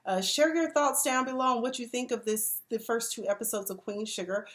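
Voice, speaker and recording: A woman in her forties, emotional, recapping a TV episode in a chatty, expressive way with slang. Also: fairly high pitch, brisk. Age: 40s. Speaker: TV review vlogger.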